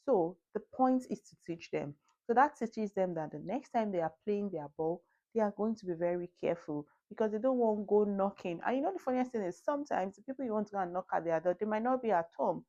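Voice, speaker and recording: A woman in her thirties with a Nigerian accent, talking calmly through parenting tips, laughing often and asking the listener questions. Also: mid-range voice, quick pace. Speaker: parenting video host. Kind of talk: casual advice talk to camera. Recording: dull lo-fi recording.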